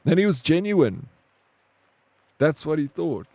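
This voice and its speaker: A man's voice: fairly high pitch, sing-song, takes it slowly, darkish tone, no room sound. A young man streaming a game, chatting casually and talking straight to his viewers by name. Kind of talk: casual live-stream chat.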